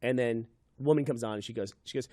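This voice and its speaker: A man's voice: mid-range voice, fast talker, no echo. A man in his thirties hosting a casual podcast, telling a story with lots of swearing and repeated words. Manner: animated, swears freely, repeats words when excited. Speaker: podcast host.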